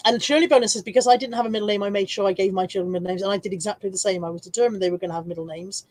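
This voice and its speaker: A mid-range, slightly mellow voice races along with no echo as an English woman in her forties hosts her reseller livestream. She talks casually, reads viewer comments, and is quick to laugh and tease herself.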